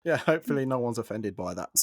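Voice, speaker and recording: A man's voice: mid-range voice, fast talker, no room sound, clean studio sound. Chatty East Midlands English man. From England. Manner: chatty, laughs often, animated asides. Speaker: podcast host. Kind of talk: casual interview chat.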